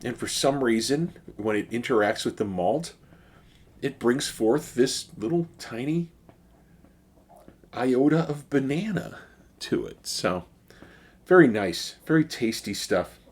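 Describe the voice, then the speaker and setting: A man's voice: mid-range voice, slow pace, pauses often, husky. A middle-aged man with a Chicago accent, chatting casually as he reviews a beer in his video. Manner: relaxed and chatty, with fillers and sighs.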